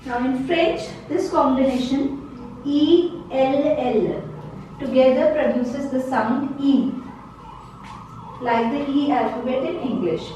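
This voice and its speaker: A woman's voice: high-pitched, slow, mellow, distant mic, highs cut off, slight background noise. A woman teaching a beginner French lesson in a patient manner, repeating each word several times. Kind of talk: slow beginner vocabulary lesson. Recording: very echoey room, voice from the mic.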